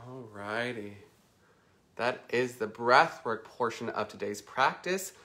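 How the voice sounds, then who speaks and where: A man teaching yoga, guiding a breathwork and meditation class in a calm, unhurried way that slows way down when he repeats the mantra. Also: medium pitch. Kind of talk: guided meditation instruction.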